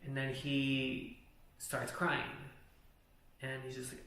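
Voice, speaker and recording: A man's voice: mid-range voice, monotone, takes it slowly, pushed and bright. A man vlogging a personal story in casual, rambling talk, swearing often and saying "like" a lot. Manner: profane, rambling, heavy use of "like". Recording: echoey room.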